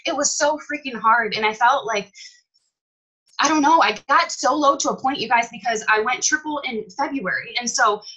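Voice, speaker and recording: Young woman, kinda high bright voice, animated candid storytelling. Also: normal speed, breathy edge, rough recording. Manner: animated, emphatic, swears casually. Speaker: guest telling her comeback story.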